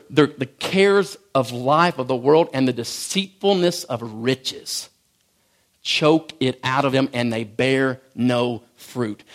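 A man preaching a sermon in a folksy, joking way, often stumbling and restarting his phrases. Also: mid-range voice. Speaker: pastor.

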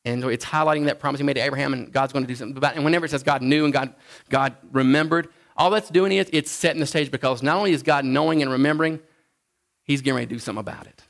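A man preaching a sermon in a conversational, halting way, often restarting his sentences. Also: gravelly, fairly bright tone. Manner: acts out the Bible figures in a higher voice. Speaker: pastor.

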